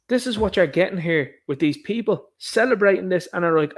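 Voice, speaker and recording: A man's voice: a little high, fairly quick, few pauses. An Irish man giving indignant, sarcastic commentary on news headlines, addressing his viewers as lads. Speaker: vlogger, commentator.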